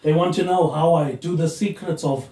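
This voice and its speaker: This vlogger wanders through a loose monologue, ending lines with a casual "mate, eh" in a slightly high but mellow, warm voice. His tone stays steady at a moderate pace. Recording on a phone or tablet without a microphone, he sounds echoey in the room.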